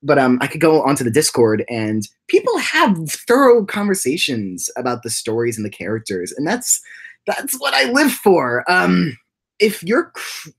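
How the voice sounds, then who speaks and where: A man hosting a casual livestream, rambling through his thoughts and reading chat comments, with many restarts and repeated words, and often jumping up into high, giddy laughing bursts. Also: wildly swooping pitch, normal speed, creaky, breathy edge. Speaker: livestream host and animation creator.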